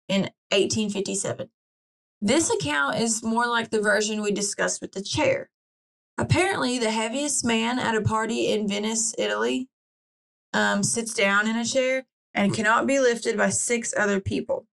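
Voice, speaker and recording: A woman co-hosting a casual podcast, chatting playfully and reading old excerpts aloud slowly. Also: medium pitch, creaky, a bit bright, low-quality recording. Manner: playful, reads slowly and carefully. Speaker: podcast co-host.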